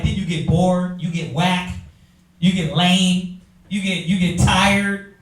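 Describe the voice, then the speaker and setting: A man, teaching a Bible class in an animated preaching style, talking straight to the room. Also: sits high, takes it slowly, distant mic, soft background music. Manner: animated, talks to the room, acts out quoted voices. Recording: echoey room from afar.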